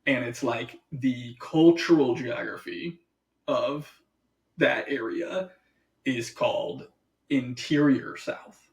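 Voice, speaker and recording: A man co-hosting a podcast in casual chat, animated, acting out what other people say and laughing often. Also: medium pitch, takes it slowly. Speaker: podcast co-host.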